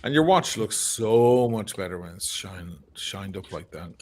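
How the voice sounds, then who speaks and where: A man's voice: low voice, lively intonation, a little slow, darkish tone, slight background noise. A tired, slightly drunk man with an Irish accent, hosting a loose chat, swearing freely and laughing. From Ireland. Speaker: podcast host. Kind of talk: casual late-night chat.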